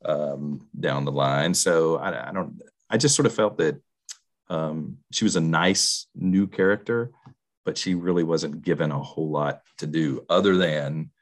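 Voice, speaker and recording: A middle-aged man, married, talking in a relaxed, measured way as he co-hosts a casual movie discussion. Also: very deep voice. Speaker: podcast co-host.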